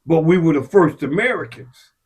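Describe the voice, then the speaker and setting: A man's voice: on the high side, expressive, moderate pace, husky. A man in casual conversation, blunt and profane, speaking in short emphatic bursts.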